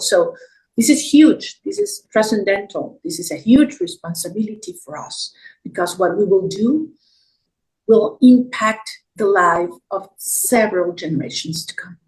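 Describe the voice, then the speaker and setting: A woman's voice: medium pitch, darkish tone, rough recording. A woman from Venezuela with a Venezuelan Spanish accent, answering audience questions earnestly and sometimes repeating words as she searches for them. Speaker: guest speaker.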